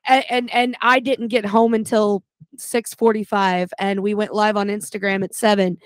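A woman podcast co-host telling a story in a casual, animated and profane way. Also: medium pitch, moderate pace, clean tone, no room sound.

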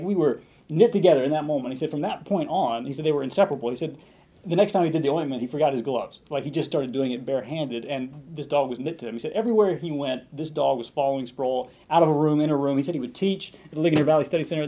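A man preaching a sermon, retelling a long story in an animated way, with frequent restarts and quoted dialogue. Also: a little high, husky.

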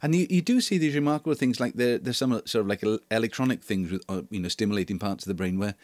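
A man co-hosting a casual chat show, talking in a jokey way and laughing easily. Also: on the low side. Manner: lively, jokey, quick to laugh. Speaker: show co-host.

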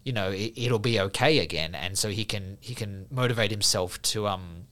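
The speaker is a man appearing as a podcast guest with a Buddhist outlook, talking casually to explain a Buddhist idea and tell a story. He speaks at normal speed in a lowish, slightly bright voice, repeatedly restarting and leaning on fillers.

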